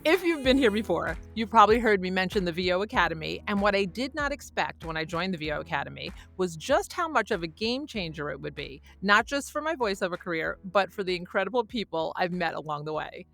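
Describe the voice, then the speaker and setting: A woman's voice: fairly low pitch, animated, fairly quick, creaky, few pauses, a bit bright, soft background music. A woman hosting a podcast interview, bubbly and laughing often. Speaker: podcast host.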